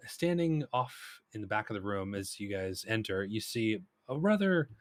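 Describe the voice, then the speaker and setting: A man's voice: fairly low pitch, big pitch swings, moderate pace, dry recording, clean studio sound. A man running a tabletop game as game master, narrating loosely with many fillers. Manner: rambling, lots of fillers.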